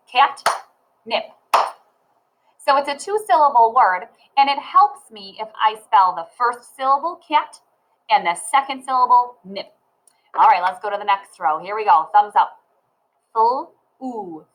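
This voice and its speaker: A woman teaching a phonics lesson to children, sounding out letters and words slowly and clearly. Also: a little high, fairly bright tone, low-quality recording.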